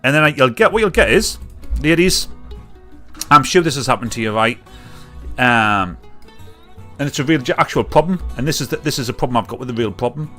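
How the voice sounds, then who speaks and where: A British man hosting a live comedy stream, ranting casually with jokes and loud mimicked honks. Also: medium pitch, animated, fairly quick, pauses often, soft background music. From United Kingdom. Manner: chatty, jokey, mimics catcallers with loud honks and whoops. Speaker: livestream comedy show host.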